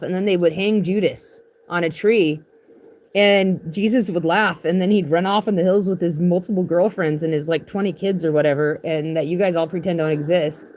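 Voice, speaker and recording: A woman's voice: on the low side, steady tone, moderate pace, a little mellow. Rambling, irreverent woman live streaming. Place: in a tent, sitting on her bed.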